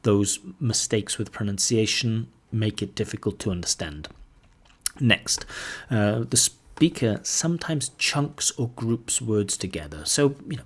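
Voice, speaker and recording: A man's voice: fairly low pitch, lively intonation, moderate pace, breathy edge. A man teaching a lesson as a language examiner, explaining patiently and saying example sentences aloud. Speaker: IELTS examiner teaching pronunciation.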